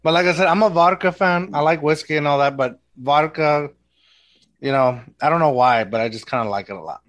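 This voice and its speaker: A man's voice: on the high side, fast talker, a bit bright. A man, hosting a casual chat, laid-back, laughing easily and swearing. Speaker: podcast host.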